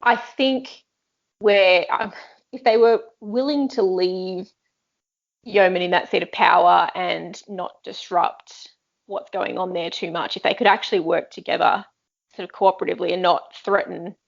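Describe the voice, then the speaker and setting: A woman's voice: lowish voice, fairly even intonation, a little slow, vocal fry, highs cut off. A woman co-hosting a book discussion podcast, musing thoughtfully over her speculations in casual talk. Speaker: book club podcast co-host.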